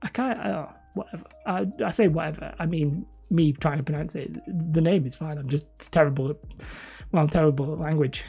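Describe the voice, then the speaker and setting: Over soft background music, a northern English woman rambles through a live stream, chatting casually and self-deprecatingly with viewers. She talks a little fast in a low, creaky, mellow voice that's slightly rough.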